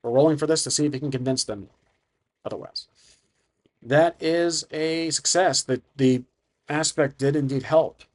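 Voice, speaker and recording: A man's voice: fairly high pitch, moderate pace. A man narrating a solo tabletop game, thinking aloud and hesitant, with frequent restarts.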